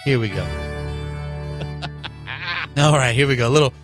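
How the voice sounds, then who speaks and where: A man co-hosting a radio show, bantering in a relaxed, joking way. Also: mid-range voice, very fast, over music. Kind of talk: casual political chat.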